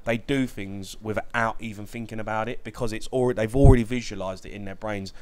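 Low-voiced male footballer guest. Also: a little fast, clear, resonant tone. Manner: relaxed, many fillers like "you know". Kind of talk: casual interview chat.

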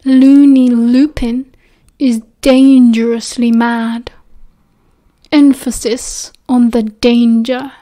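A woman's voice: fairly high pitch, flat delivery, mellow. A woman doing a cold, drawling British schoolboy. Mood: sneering. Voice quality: slow, drawling and sneering. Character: cold sneering teenage boy, slow and mocking.

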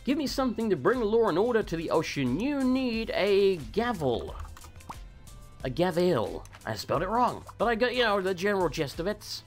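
Sarcastic man with a very lively pitch. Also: moderate pace, faint music behind. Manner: sarcastic, swears freely, talks to game characters. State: recovering from a cold. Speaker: gaming channel host. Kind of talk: casual let's play commentary.

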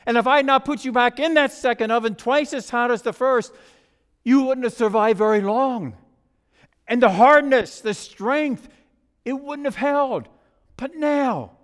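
A man voicing a patient master potter who calmly explains why he shaped his work. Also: extremely high pitch, clean tone. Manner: slow, gentle, explaining. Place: church sanctuary. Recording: long church reverb.

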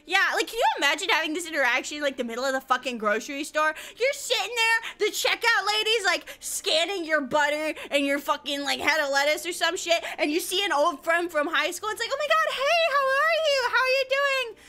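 A young woman streaming a game, joking and swearing in animated, loose commentary and laughing often. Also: high-pitched, fairly quick, few pauses. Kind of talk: casual live-stream gaming commentary.

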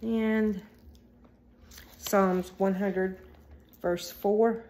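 A woman reading a daily devotional and scripture aloud, then praying, in an earnest and slightly halting way. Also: medium pitch, steady tone, warm tone, slight background noise. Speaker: devotional vlogger.

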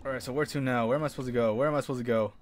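A man's voice: mid-range voice, steady tone, racing. A man streaming a horror game, panicking, swearing and laughing nervously as he plays. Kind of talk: live game commentary.

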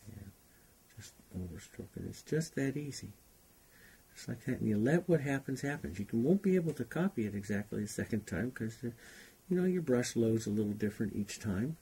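A man's voice: mid-range voice, lively intonation, fairly quick, dark tone, slightly rough. A man teaching a painting class, talking unhurriedly and thinking aloud as he paints. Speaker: painting instructor. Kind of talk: relaxed painting demonstration.

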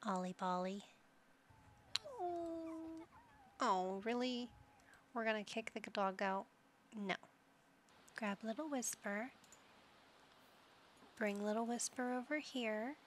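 A woman's voice: fairly high pitch, a little slow, pauses often, slight background noise. A young adult woman casually commenting on her gameplay, cooing and doting as she talks to the pets in her game. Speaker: gaming channel host.

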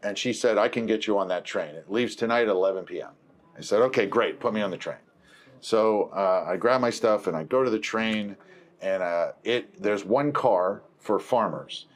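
His pitch fairly low and his pace moderate, a male film producer tells an extended story in relaxed conversation. It's a rambling telling, full of self-corrections and dramatized quotes.

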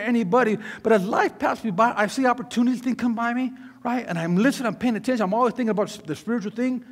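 A middle-aged man preaching a sermon as a pastor, telling stories with animated sound effects and asides to the congregation. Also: extremely high pitch, slightly rough, big-room sound. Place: church sanctuary.

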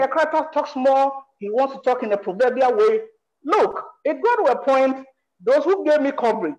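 Animated Ghanaian-accented screenwriter. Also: high voice, poor audio. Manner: animated, emphatic, asks rhetorical questions. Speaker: screenwriter on a panel. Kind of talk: panel discussion.

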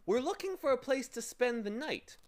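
A man's voice: extremely high pitch, animated, moderate pace, voice pushed up. A man doing a timid stammering boy, Milo. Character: timid, polite young boy, helpless.

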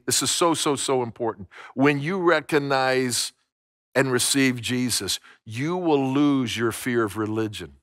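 A man's voice: mid-range voice, measured pace, a bit bright, no echo, clean studio sound. A middle-aged man preaching a sermon as pastor, emphatic, repeating phrases and restarting words. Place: church sanctuary.

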